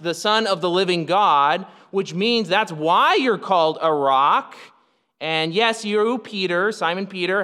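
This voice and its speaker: A man's voice: fairly high pitch, pushed and bright, long reverb tail. A man preaching a sermon as pastor, emphatic and explanatory, often restarting his sentences.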